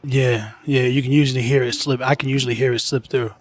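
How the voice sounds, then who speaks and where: A man co-hosting a casual podcast chat, animated, slangy and profane. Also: medium pitch, quick pace. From United States. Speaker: co-host.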